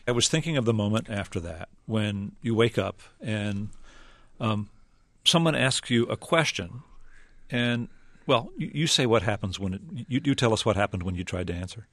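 A man's voice: fairly low pitch, expressive, moderate pace, a bit bright, no room sound. A man interviewing a guest, prompting him with questions and summarizing his writing. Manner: prompting, paraphrasing the guest's book. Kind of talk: radio interview.

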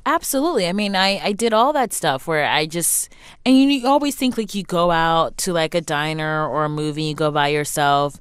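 A young woman with a low, smooth voice, talking openly in an interview. She is lively and throws in quick acted-out voices of other people, full of casual "like" fillers. The recording is dry and close. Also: no echo. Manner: animated, acts out quoted voices, frequent "like" fillers. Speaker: interview guest, author. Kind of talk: candid interview conversation.

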